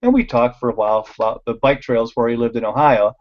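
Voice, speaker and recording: A bike shop owner with a mid-range voice tells casual stories over slides at a fast clip, and the sound is lo-fi. He's an animated storyteller who acts out the voices of the people involved and laughs often.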